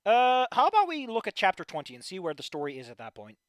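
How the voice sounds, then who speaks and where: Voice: medium pitch, huge pitch swings, fast, no room sound, studio quality. A worn-out streamer giving casual livestream commentary on fan fiction, with a weary, profane, ranting manner.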